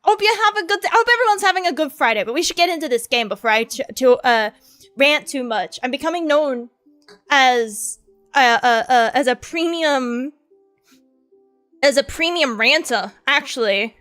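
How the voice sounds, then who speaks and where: A young woman streamer chatting casually, rambling through profane, excitable stories. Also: sits high, normal speed, faint music behind. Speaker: VTuber streamer.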